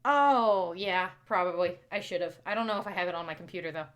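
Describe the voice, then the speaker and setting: A woman's voice: fairly low pitch, brisk, a bit bright, highs cut off. A young woman live-streaming, flustered and self-mocking, who swears and drops into muttered whispers. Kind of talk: casual live-stream chat.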